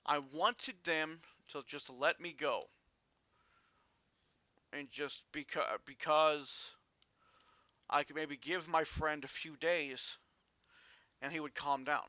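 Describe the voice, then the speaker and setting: Slow, halting man telling his story. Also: on the high side, fairly even intonation, pushed and bright, dry recording. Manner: halting, earnest, with frequent restarts. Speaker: vlogger. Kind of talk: personal storytelling to camera.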